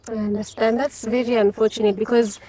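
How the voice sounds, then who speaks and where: Woman host, lively storytelling, higher pitch, slightly off-mic. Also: a little fast. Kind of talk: casual interview chat. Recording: voice a bit far from the mic.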